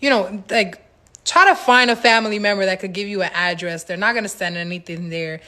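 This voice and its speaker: A woman hosting a casual livestream Q&A, telling stories in an animated, slangy way with laughs, into a phone mic. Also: mid-range voice, a little fast. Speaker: livestream host answering viewer questions.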